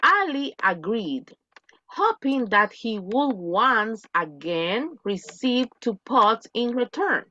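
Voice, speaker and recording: Lively woman teacher drilling pronunciation. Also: fairly high pitch, takes it slowly, no room sound, lo-fi sound. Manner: drills pronunciation, switches between English and Spanish. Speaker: English teacher. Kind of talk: online English lesson for Spanish speakers.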